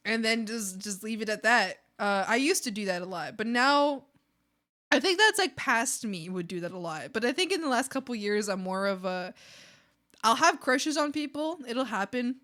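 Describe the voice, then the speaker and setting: A woman's voice: fairly high pitch, expressive, normal speed, fairly bright tone. A young woman art streamer chatting casually and scatterbrained with her viewers, laughing often. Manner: giggly, scattered, chats to viewers. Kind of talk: casual live-stream chat.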